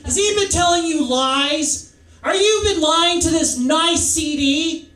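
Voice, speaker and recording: A man putting on a shrill, scolding mother with a New York accent, in an echoey club. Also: takes it slowly, exaggerated voice. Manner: loud scolding, shouting. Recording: echoey club, mic from far off.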